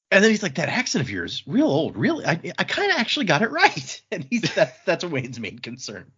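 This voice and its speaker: A man's voice: fairly high pitch, moderate pace, husky, highs cut off. A man co-hosting a casual podcast, recapping a book and acting out the characters' lines as he goes. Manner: animated, acts out characters' lines while recapping. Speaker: podcast co-host.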